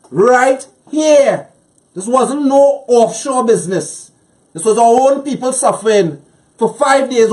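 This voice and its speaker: A high-pitched man with a Trinidadian accent appears as a guest on a political talk show. He speaks angrily and with heavy emphasis, repeating phrases to hammer his points home.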